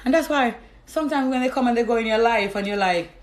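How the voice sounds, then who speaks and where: Against a noisy background, a woman talks fast as she shares her life testimony with an audience. Her monologue is casual, emphatic and profane, and she acts out conversations with God in lower tones.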